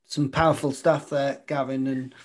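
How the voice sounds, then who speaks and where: A man's voice: mid-range voice, level tone, normal speed. A man asking questions in a hesitant way, leaning on lots of "like" fillers. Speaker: interviewer. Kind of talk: casual conversation.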